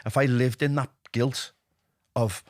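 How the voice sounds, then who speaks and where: A man with a Liverpool accent, speaking bluntly and swearing freely as a podcast guest telling his recovery story in an animated way. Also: mid-range voice, fairly quick, no echo, studio quality. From Liverpool, England. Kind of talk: candid interview talk.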